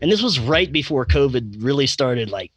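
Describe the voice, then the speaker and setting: Male podcast guest, middle-pitched, casual and rambling with fillers, dry recording. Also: animated, moderate pace, fairly bright tone, breathy edge, dry recording. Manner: rambling, full of fillers and restarts, with chuckles. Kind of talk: casual interview storytelling.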